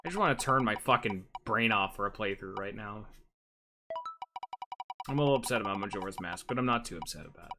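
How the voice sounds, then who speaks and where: A man chatting casually on a live stream, excitable and swearing freely, laughing often. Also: fairly low pitch, brisk, pauses often, over music. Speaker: livestreamer.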